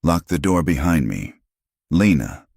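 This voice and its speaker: A man's voice: rumbling low, very animated, a little slow, creaky, a little mellow, husky, no echo, clean studio sound, full character voice. A man voicing a terse scarred drifter. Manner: clipped, few words. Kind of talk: audiobook character voice.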